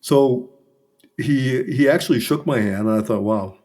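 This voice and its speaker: A middle-aged man speaks as a guest in a relaxed interview. His voice is mellow and warm, with an ordinary middle pitch. He tells stories about his own past mistakes in an earnest, self-critical way. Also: moderate pace. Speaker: business consultant, podcast guest. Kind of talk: candid conversational storytelling.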